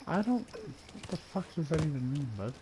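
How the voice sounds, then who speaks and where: A man's voice: lively intonation, normal speed, background noise. A man streaming a game, chattering casually, swearing and sounding exasperated. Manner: profane and exasperated, swinging up and down in pitch.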